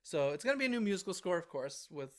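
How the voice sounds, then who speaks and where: A man co-hosting a podcast in casual chat, chatty and excitable, with frequent laughs and quick asides. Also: high-pitched. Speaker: podcast co-host.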